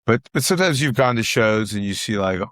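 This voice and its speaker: A man's voice: lowish voice, animated, fairly quick, fairly bright tone, no room sound, studio quality. A middle-aged man, a guest comedian telling stories in casual chat, who repeats phrases for emphasis and acts out what other people said.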